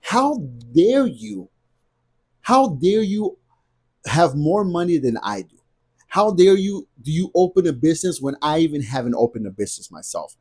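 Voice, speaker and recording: A man's voice: fairly high pitch, sing-song, moderate pace, darkish tone, breathy edge. A man voicing an envious, resentful local who demands to know how dare they get ahead, with an indignant, sneering tone.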